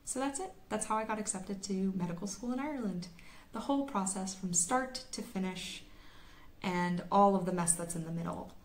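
A woman's voice: mid-range voice, normal speed, slight background noise. A woman in her twenties from the United States, a medical student vlogger giving a chatty, casual explanation to camera.

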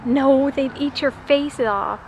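Brief: high-pitched mom, chatty and excitable, handheld camera outdoors with steady background noise. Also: female voice, slow pace. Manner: chatty, excitable, drops to whispers. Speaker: mother and vlogger. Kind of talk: casual family vlog chat. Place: outdoors near a freeway.

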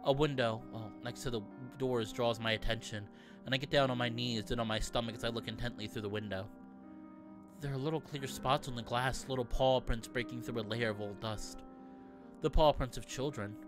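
Over background music, a man with a mid-range, fairly evenly intoned voice reads a visual novel aloud in first person at a brisk clip. He's a playful let's play narrator who breaks off to joke with viewers.

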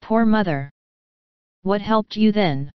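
A woman's voice: medium pitch, slow pace, clear, resonant tone, no room sound, natural voice. A woman voicing a hot-tempered but earnest fifteen-year-old girl in a storybook reading, slightly dull lo-fi audio. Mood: sympathetic.

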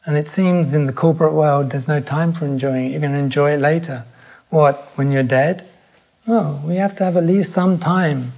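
Gravelly older man, reflective. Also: a little high, darkish tone. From England. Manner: thoughtful, with halting restarts. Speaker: podcast guest. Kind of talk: reflective conversation.

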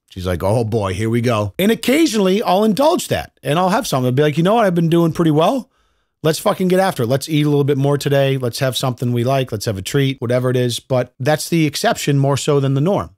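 A man's voice: mid-range voice, no echo, studio quality. A man in his thirties hosting a podcast, talking through a casual solo monologue in a blunt, profane, conversational way. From United States. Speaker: podcast host.

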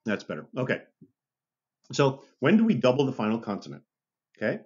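A man's voice: mid-range voice, wildly swooping pitch, fairly quick, darkish tone, breathy edge, muffled recording. A man teaching a university lecture, chatty and checking in with "okay?" and "right?", often restarting and correcting himself. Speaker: university instructor. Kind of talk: recorded online lecture.

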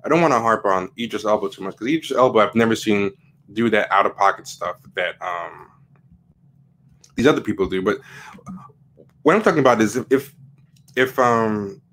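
Guy doing a chatty livestream rant, lots of ums and false starts, slightly low voice. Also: expressive, moderate pace, long pauses, fairly bright tone. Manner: rambling, many fillers and restarts; reads quotes aloud from the web. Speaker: livestream host. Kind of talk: casual commentary livestream.

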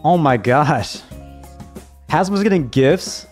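A man's voice: a little high, expressive, slow pace, soft background music. A young man hosting his video, giving casual gameplay commentary with hyped, slangy talk aimed straight at his viewers. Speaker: YouTuber host.

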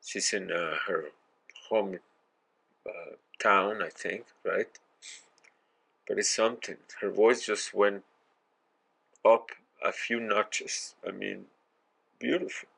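A man's voice: lowish voice, fairly even intonation, slow, creaky, pauses often, fairly bright tone, husky, low-quality recording. A man hosting a reaction video, talking in a casual, effusive way and searching for words as he gushes over a performance, sounding moved and a little teary.

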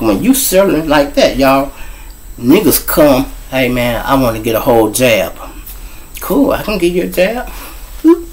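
A man's voice: medium pitch, rough recording. A middle-aged man, hosting his show and telling street stories animatedly, acting out scenes with sound effects and voices. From Chicago. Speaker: show host and storyteller. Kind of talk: street storytelling monologue.

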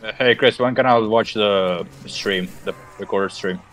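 A man playing a game with friends, excitable and eager, calling out plays and asking for attention. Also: on the low side, normal speed. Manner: excitable, shouts game callouts. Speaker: co-player. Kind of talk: casual gaming chat.

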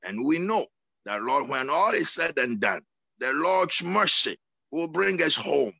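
A man's voice: on the high side, big pitch swings, unhurried, creaky, pushed and bright, dry recording, lo-fi sound. A man preaching a sermon and praying, fervent, with sudden whoops, often repeating his words. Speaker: apostle preaching. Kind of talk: sermon and prayer.

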